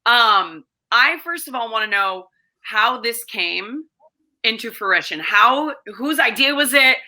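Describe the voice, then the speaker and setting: An upbeat woman host with a very bright, sharp voice. She steers the interview with enthusiasm. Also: fairly high pitch, lively intonation, takes it slowly. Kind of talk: interview hosting.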